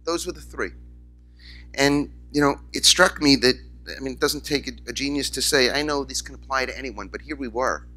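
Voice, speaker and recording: Bright-voiced man giving a lively keynote. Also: mid-range voice, a little fast, faint music behind. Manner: storytelling, animated, acts out quoted voices. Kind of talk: conference keynote speech. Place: conference hall, in front of audience.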